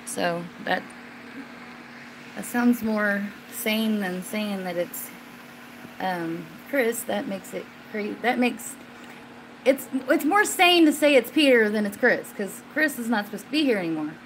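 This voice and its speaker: A woman hosting a casual question-and-answer stream, rambling with many fillers and restarts, and at times suddenly getting excited and loud. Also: mid-range voice, unhurried, a little hiss or hum, low-quality recording. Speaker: livestream host answering viewers. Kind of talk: casual chat.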